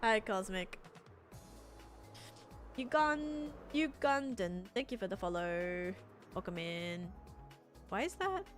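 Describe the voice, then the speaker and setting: A woman's voice: medium pitch, sing-song, takes it slowly, pauses often, soft background music. An Australian woman chatting on a live game stream, thinking aloud as she builds and answers her chat.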